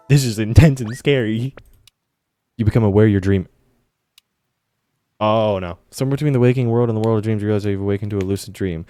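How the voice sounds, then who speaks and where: A man with a fairly low, mellow voice plays through a video game, reading its narration aloud. He breaks off for casual, cursing asides. The sound is dry and close to the mic. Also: smooth, no room sound. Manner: swears casually, mutters reactions between read-aloud narration. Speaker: gaming streamer. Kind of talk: casual let's-play commentary and reading game text aloud.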